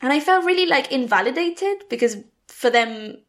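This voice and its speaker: A woman's voice: sits high, moderate pace. Chatty woman with a mild Argentinian accent. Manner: chatty, animated, laughs often. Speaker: podcast guest, actor. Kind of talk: casual interview chat.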